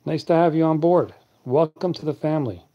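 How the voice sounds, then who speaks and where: A man hosting a late-night live stream, chatting casually and answering viewers' comments in a deep, clear voice. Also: a little fast, lo-fi sound.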